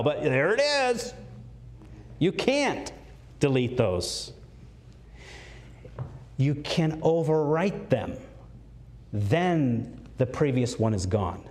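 A male pastor preaching with an emphatic, swinging delivery, his fairly high voice jumping up on questions and dropping low for weight. He drifts on and off the mic at times. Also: darkish tone. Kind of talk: sermon.

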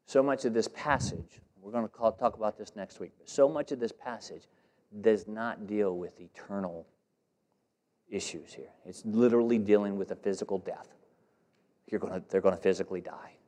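A man's voice: on the low side, moderate pace, a little mellow. A man preaching a sermon, emphatic and conversational, putting direct questions to his congregation. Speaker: pastor.

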